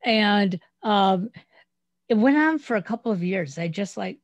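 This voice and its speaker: A middle-aged woman hosts a podcast and retells family stories in a chatty, animated way. Her voice sits at a middle pitch. The recording is dry and close, with no room sound, over a remote call. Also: a little slow, no room sound. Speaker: podcast host. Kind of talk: casual interview chat.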